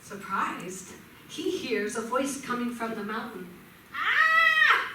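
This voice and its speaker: A woman minister giving a gentle sermon in a church, telling stories and voicing shouts vividly. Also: fairly high pitch, measured pace, heavy background noise. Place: church sanctuary. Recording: echoey church hall from far off.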